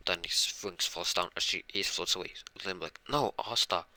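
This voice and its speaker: Low-voiced man rambling through a story. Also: flat delivery, normal speed, sharp tone, dry recording. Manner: rambling, many restarts and fillers. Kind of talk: improvised fan-fiction retelling.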